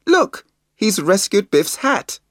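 A man's voice: high-pitched, big pitch swings, takes it slowly, fairly bright tone, dry recording, clean studio sound, voice pushed up, full character voice. A man reading a storybook aloud, voicing a sensible, upbeat young boy in a lightly raised voice.

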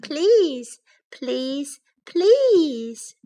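Storybook part: woman as a little boy bear cub, high and pleading, slow and eager. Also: lively intonation, a bit bright, muffled recording, exaggerated voice.

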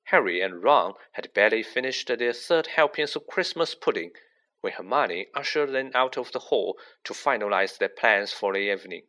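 Male narrator, expressive storybook reading, lively bright voice. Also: mid-range voice, normal speed. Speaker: audiobook narrator.

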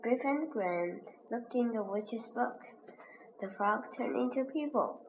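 A woman slowly reading a children's reader aloud as a lesson, pronouncing each word with care. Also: fairly high pitch, lively intonation. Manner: slow, careful, clearly pronounced. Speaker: reading teacher. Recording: dull lo-fi recording with faint hiss.

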